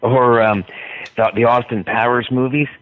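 A man being interviewed as an author, talking in a rambling, hesitant way with many pauses. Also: mid-range voice, fairly even intonation, no echo. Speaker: author guest. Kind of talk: radio interview by phone. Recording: tinny phone line.

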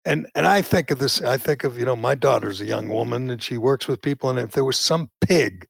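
A gravelly man hosts an opinionated talk show, his voice husky and rough at the edges. He sounds indignant and keeps climbing into loud, heated bursts. The sound is dry and close. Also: medium pitch, a little fast, dry recording. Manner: indignant, swings to loud outbursts. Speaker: podcast host.

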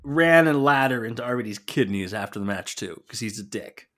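A man's voice: medium pitch, expressive, a little fast, fairly bright tone. A man co-hosting a podcast, chatting casually and wryly, swearing freely. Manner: wry, swears freely, playful. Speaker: podcast co-host. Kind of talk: casual recap chat.

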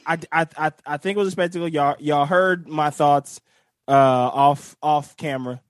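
A man's voice: fairly high pitch, steady tone, normal speed, no echo, studio quality. A man, a comedian guest, chatting casually in a playful, slangy way with stammering restarts. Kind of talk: casual recap chat.

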